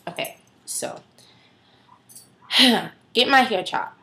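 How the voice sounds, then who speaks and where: A woman's voice: fairly high pitch, extremely slow, sharp tone. A woman in her early twenties talking casually to her viewers in a chatty, rambling way, full of fillers and asides. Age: early 20s. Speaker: vlogger. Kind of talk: casual chat to camera.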